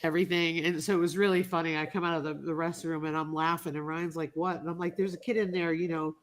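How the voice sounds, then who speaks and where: A woman's voice: low voice, level tone, fast, a little hiss or hum, rough recording. A woman hosting a casual livestream, chatting and greeting viewers by name. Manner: chatty, reads out viewer comments. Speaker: livestream host.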